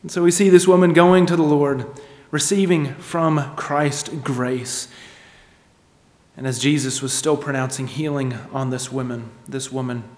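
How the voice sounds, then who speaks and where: A male pastor preaching a sermon, speeding up and dropping to a hush as he acts out the voices of the story. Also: medium pitch, steady tone, unhurried. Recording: echoey hall.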